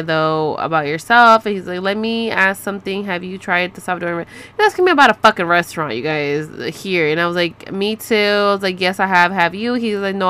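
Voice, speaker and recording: A woman's voice: medium pitch, fairly bright tone, clear, resonant tone. Sassy thirty-something woman close on the mic, swearing a lot while reading dating app messages. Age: 30s. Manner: sassy, profane, laughing asides. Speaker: vlogger. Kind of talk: casual storytelling, reading messages aloud.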